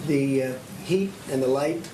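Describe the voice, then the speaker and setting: A man's voice: medium pitch, measured pace, dark tone, slight background noise. Rambling man at a briefing. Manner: rambling, hesitant. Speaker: politician at a press briefing.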